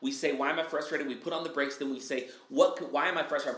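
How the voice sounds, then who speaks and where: A man speaking as a podcast guest, upbeat and animated, acting out his own quotes and often asking "right?" and saying "dude.". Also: fairly high pitch, fast talker, hardly any pauses. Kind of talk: casual podcast chat. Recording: echoey room.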